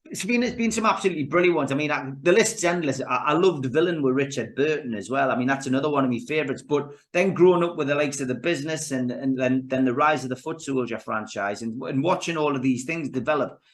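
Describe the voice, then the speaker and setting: A middle-aged man, telling stories as a guest in a casual interview, animated and full of restarts. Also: mid-range voice, fast, hardly any pauses. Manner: animated storyteller with many restarts and fillers. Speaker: guest, actor and filmmaker.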